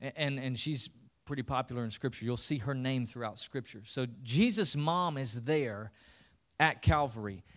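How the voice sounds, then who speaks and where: A man's voice: mid-range voice, normal speed. A man preaching a sermon in a conversational way, now and then rising to emphatic bursts. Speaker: pastor.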